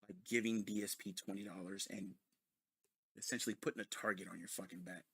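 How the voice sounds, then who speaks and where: Sarcastic husky man ranting. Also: sits low, steady tone, brisk, a bit bright, no room sound. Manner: sarcastic, mocking, profane. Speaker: commentary video host. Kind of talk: ranting commentary.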